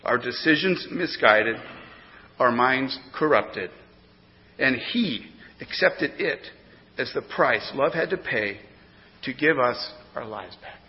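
A man preaching a sermon as pastor, emphatic, swinging between loud declarations and hushed explanation. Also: medium pitch, expressive, takes it slowly. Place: church sanctuary. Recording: dull lo-fi sound with long hall reverb.

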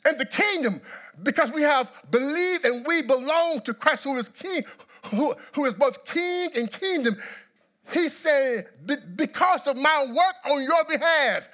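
A man's voice: very high-pitched, expressive, measured pace, bright, forceful tone. A male pastor preaching a sermon, passionate and emphatic, often repeating words as he builds to a point. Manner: impassioned preaching with repetitions and sudden emphatic bursts.

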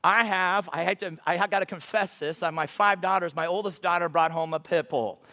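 A middle-aged man giving a sermon as a guest preacher, emphatic, slowing down to quote scripture. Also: high voice, fairly even intonation, pushed and bright.

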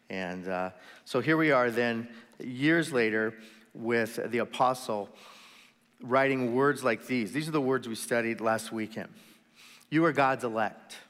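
Guy pastor telling a bible story, chatty with little asides, mid-pitched voice, big church hall with a long echo tail. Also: a bit bright. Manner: conversational storytelling with asides and quick put-on voices. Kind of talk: sermon. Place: church sanctuary. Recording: long reverb of a large hall.

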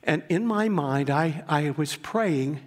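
Older male pastor with a slightly high-pitched voice, preaching earnestly in a church with long echo. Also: animated, slow. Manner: earnest storytelling preacher, rising to emphatic passages. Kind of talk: sermon. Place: church sanctuary. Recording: long reverb of a church hall.

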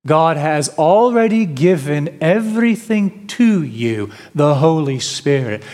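A man's voice: a little high, sing-song, takes it slowly, darkish tone. A man preaching a sermon with emphatic, declaiming delivery, now and then mimicking whiny complainers. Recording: long hall reverb.

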